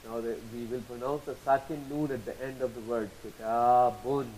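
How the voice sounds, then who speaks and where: A man teaching a lesson, patiently spelling out terms, repeating examples slowly and asking checking questions. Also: medium pitch, steady tone, darkish tone, slight background noise, low-quality recording. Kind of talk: explanatory lesson.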